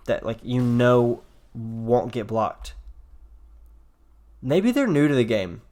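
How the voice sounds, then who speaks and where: A man's voice: medium pitch, very animated, slow pace, pauses often, a little mellow. Self-mocking man narrating his card game. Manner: rambling, self-deprecating, thinking aloud with fillers. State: yawning, a little tired. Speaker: gameplay commentator. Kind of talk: casual gameplay commentary.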